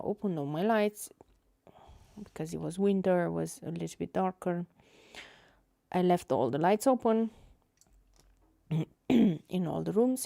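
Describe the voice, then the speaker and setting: A woman's voice: on the low side, gravelly, warm tone, no echo, studio quality. A young woman hosting an art livestream, telling a story in a chatty, rambling way with many fillers. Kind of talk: casual storytelling while painting.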